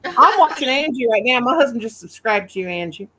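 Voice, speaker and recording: A woman's voice: fairly high pitch, very animated, fairly quick, sharp tone, husky. A woman, hosting a casual live-stream chat in a folksy, teasing way. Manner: folksy, teasing, calls people honey and shug. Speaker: host.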